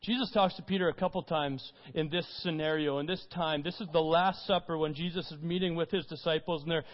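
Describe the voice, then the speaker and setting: A man's voice: a little high, steady tone, brisk. A man preaching a conversational sermon, retelling scripture informally in his own words. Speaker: pastor. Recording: dull recording with long hall reverb.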